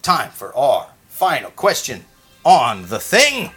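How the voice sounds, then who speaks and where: A man's voice: mid-range voice, wildly swooping pitch, takes it slowly, music in the background. A man co-hosting a comedy podcast, ranting profanely in casual banter. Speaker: podcast co-host.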